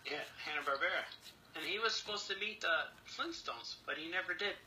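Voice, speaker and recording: A man's voice: a little high, brisk, a crowd in the background, low-quality recording. A man co-hosting a live stream, chatting casually and eagerly about old cartoons he loved. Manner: enthusiastic, nostalgic cartoon fan. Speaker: co-host. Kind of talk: casual chat. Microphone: headphones.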